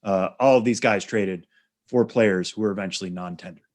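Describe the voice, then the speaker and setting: A man co-hosting a podcast, explaining in a measured way with lots of fillers, on a studio microphone. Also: fairly low pitch. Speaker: podcast co-host. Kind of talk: casual podcast chat.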